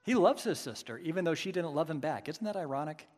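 A man's voice: fairly high pitch, lively intonation, fast talker, darkish tone. Preaching man in a reverberant hall. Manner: emphatic preaching, rhetorical "right?" asides. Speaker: pastor. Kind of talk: sermon.

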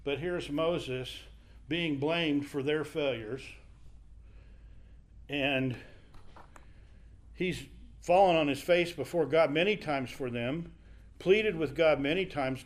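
A man with a notably high voice preaching through a Bible story. He keeps it conversational and acts out the people he quotes as he retells it. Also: slow pace, long pauses. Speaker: Bible teacher. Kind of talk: sermon.

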